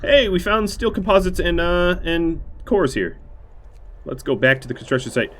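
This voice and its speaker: A man's voice: high-pitched, moderate pace, fairly bright tone, faint music behind. A man streaming a strategy game on a headset mic, thinking aloud about his choices with dry, self-mocking jokes. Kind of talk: let's play commentary.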